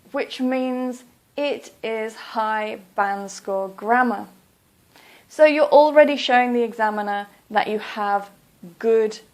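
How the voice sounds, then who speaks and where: A woman tutor delivers an English speaking-test lesson in a slightly high voice. She speaks very slowly and carefully, spacing out each phrase like a scripted teaching video. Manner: slow, careful, clearly enunciated. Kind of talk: slow scripted instruction.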